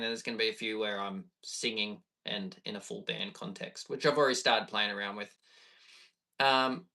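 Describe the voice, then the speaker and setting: An Australian man in his thirties, a bass player chatting easygoing with viewers on a live stream. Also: pushed and bright, distant mic. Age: 30s. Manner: chatty and easygoing, reading viewer questions aloud.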